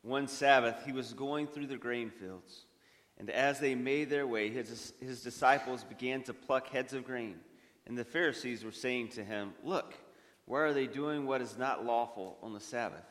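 A man of the clergy reading the gospel aloud in a church service, measured and expressive. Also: medium pitch. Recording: long reverb of a church hall.

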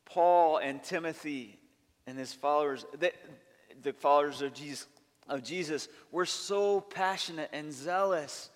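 Slow-speaking pastor in a reverberant hall. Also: male voice, fairly high pitch. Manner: earnest, emphatic preaching with long lists. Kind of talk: sermon. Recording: long reverb of a large hall.

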